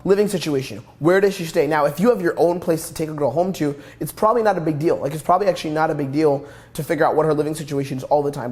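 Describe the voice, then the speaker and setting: Brash young male coach, rapid delivery, fairly high voice, profane instructional talk. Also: darkish tone. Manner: brash, profane, repetitive emphasis. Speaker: dating coach. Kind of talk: instructional monologue.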